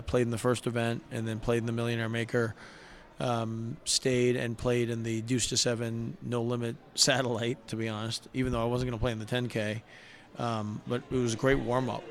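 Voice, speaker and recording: A middle-aged man, a poker player guest on a show, telling personal stories in an earnest, heartfelt way with frequent restarts. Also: medium pitch. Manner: heartfelt, earnest, animated retelling with many restarts. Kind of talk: conversational storytelling.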